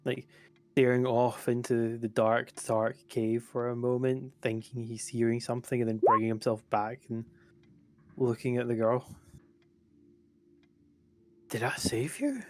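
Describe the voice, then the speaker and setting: A man's voice: mid-range voice, level tone, moderate pace, darkish tone. Man playing his character at the table. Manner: describes his character's actions in third person. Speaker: player.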